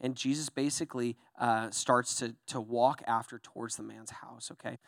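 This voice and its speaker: A man's voice: mid-range voice, normal speed, gravelly, no room sound, studio quality. A young adult man, a pastor, giving a conversational sermon, checking in with "okay?" and "right?" and acting out voices from the Bible story. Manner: animated storyteller, acts out voices in Bible passages.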